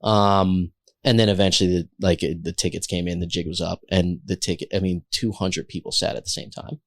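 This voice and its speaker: A man, a chef who is a guest on a podcast, telling animated stories in casual chat and acting out the voices of the people in them. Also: low voice, fairly quick. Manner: animated, acts out quoted voices.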